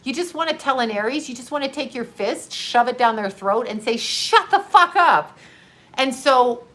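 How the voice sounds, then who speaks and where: A woman's voice: a little high, a little fast. A middle-aged woman in a candid livestream monologue, blunt and profane, laughing often while grieving. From United States. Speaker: livestream host.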